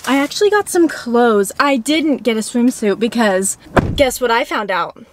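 A young woman vlogs casually to the camera while running errands out and about, moving between stores and her car. Her voice sits on the high side and sounds animated at a moderate pace as she rambles, frazzled and poking fun at herself.

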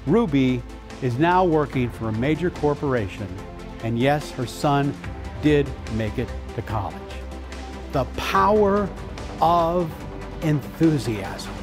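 A man giving a motivational keynote, telling a story with animated delivery and slow dramatic pauses on key words. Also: mid-range voice, music in the background.

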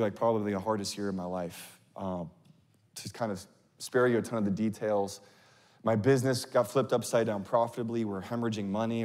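A man's voice: fairly low pitch, darkish tone. A male pastor delivering a sermon in a candid, conversational storytelling manner, with casual fillers and personal stories. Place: large church sanctuary. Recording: long reverb of a large hall.

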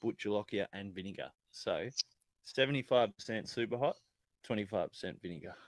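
A man's voice: on the low side, expressive, brisk, no room sound. An Australian man, a guest on a live-streamed chilli-eating chat, talking freely and swearing casually.

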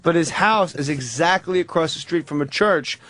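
A man on a radio talk show, telling a story and acting out the people in it with loud, excited voices. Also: fairly high pitch, normal speed, slight background noise. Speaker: guest comedian.

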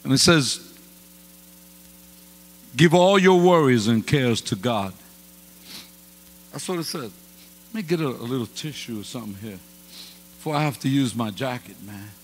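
A man preaching a storytelling sermon as pastor, swinging from quiet asides to loud exclamations, speaking into a microphone in a church sanctuary. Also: mid-range voice, expressive, moderate pace, long pauses. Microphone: handheld or stand mic. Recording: reverberant church hall with faint hum.

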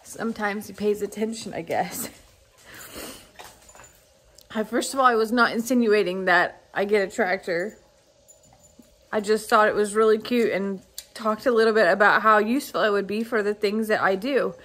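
A woman's voice: medium pitch, normal speed, long pauses, fairly bright tone. A young woman chatting casually to her vlog audience about farm life. She gushes with emotion, often laughing and sighing as she talks. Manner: gushing and emotional, frequent laughs and sighs. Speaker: farm vlogger. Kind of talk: casual vlog chat to camera.

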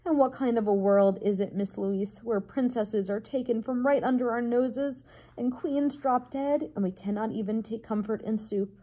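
A woman voicing a weepy, ferocious older cook in a storybook read-aloud, with loud, wailing outbursts. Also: a little high, normal speed, close to an everyday voice. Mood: defiant, wailing.

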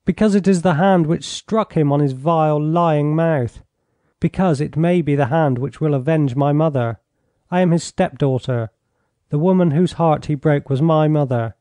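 A man's voice: fairly high pitch, moderate pace, mellow, dry recording, close to an everyday voice. A man reading an audiobook, voicing a frightened, impassioned young woman who speaks urgently.

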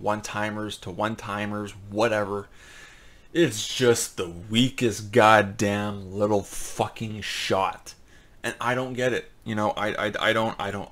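A man hosting a gaming channel, talking casually and ranting in frustration, swearing often and filling pauses with "um" and "like.". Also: fairly low pitch, fairly bright tone. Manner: frustrated, profane ranting with fillers. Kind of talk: casual commentary.

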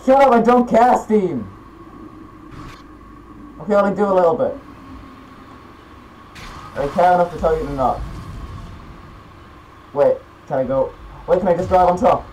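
Teen boy, gameplay commentary, fairly high voice, excitable, swears and yells, faint hiss behind. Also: moderate pace, long pauses, rough recording. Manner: excitable, swearing, yelling outbursts. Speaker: gaming YouTuber.

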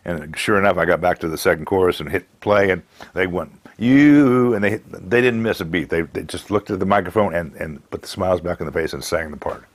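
A man telling a documentary interview anecdote as an animated storyteller, acting out quotes. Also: low voice, fairly quick, no echo. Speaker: recording engineer interviewee.

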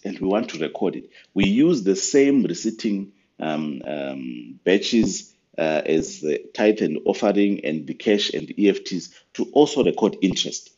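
A man giving a patient step-by-step software tutorial over a screen recording. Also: low-pitched, muffled recording. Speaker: software trainer.

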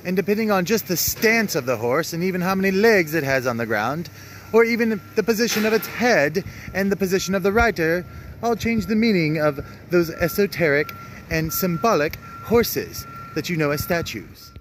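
Sex: male. Figure: a man doing a pompous mock-British gent in a top hat. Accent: put-on British. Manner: hammy, sing-song, raised pitch. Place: outdoor park, phone mic, faint background noise. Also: animated. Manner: exaggerated, sing-song, drawn-out.

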